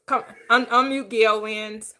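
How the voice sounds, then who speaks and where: A woman's voice: on the high side, steady tone, slow, over a noisy crowd. A woman hosting a casual online panel chat, blunt, teasing and preachy. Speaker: host.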